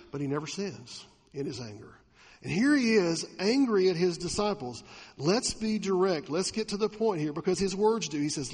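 A pastor preaching a sermon, swinging from loud emphatic peaks to quiet asides and asking his listeners questions. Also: high-pitched, slightly rough, in a large hall. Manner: asks the audience questions.

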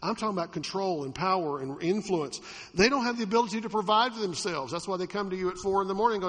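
A pastor preaching a sermon, swinging from loud emphatic peaks to quiet asides and asking his listeners questions. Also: sits high, lively intonation, fast, breathy edge, long reverb tail. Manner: asks the audience questions.

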